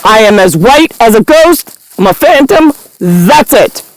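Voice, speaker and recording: A woman's voice: on the high side, animated, a little slow, dry recording, poor audio. A woman delivering a rambling, angry, profane monologue to the camera.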